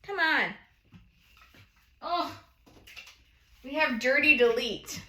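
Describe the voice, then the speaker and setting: A woman from New England with a New England accent, chatting quickly and playfully while doing a tarot card reading. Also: sits high, expressive, sharp tone, reverberant. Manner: fast-talking, playful, laughs often. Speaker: tarot reader.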